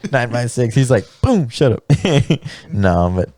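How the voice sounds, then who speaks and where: A man's voice: mid-range voice, very animated, unhurried, mellow. Laughing man telling mariachi stories. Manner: laughs often, rambling storytelling with many fillers. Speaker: podcast co-host. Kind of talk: casual chat.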